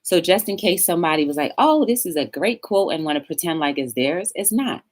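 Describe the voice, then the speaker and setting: Lively chatty woman hosting a stream. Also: on the low side, fairly quick. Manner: chatty, talks straight to viewers, reads quotes aloud with emphasis. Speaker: talk show host. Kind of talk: casual live-stream chat.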